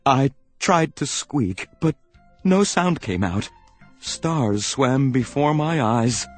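A man reading a children's audiobook aloud with playful, expressive narration. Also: medium pitch, slow, soft background music. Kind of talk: scripted narration.

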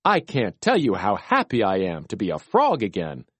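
A man's voice: lowish voice, wildly swooping pitch, moderate pace, breathy edge, no echo, pitched below the performer's own voice, exaggerated voice. A cheerful young frog girl, as a man reads her. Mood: eager. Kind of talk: storybook reading.

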